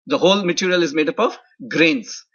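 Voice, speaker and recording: A male university lecturer with a slightly raised, husky voice walks through ideas step by step. He keeps checking in with quick "right?" and "okay?" tags. The recording sounds dull and lo-fi. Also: fairly high pitch, a bit bright. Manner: explanatory, often adds "right?" and "okay?" checks. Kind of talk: classroom lecture.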